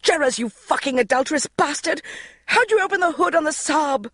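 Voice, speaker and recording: A woman's voice: extremely high pitch, sing-song, slow pace, bright, forceful tone, no room sound, studio quality, voice pushed up, full character voice. A woman voicing a posh, hysterical young woman who shrieks and swears in an audiobook.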